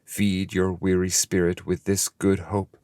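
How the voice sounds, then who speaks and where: A man reading the lines of a weary old male poet guide, speaking in earnest, measured verse. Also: low-pitched, monotone, a little mellow, dry recording, studio quality, pitched above the performer's own voice. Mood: reassuring.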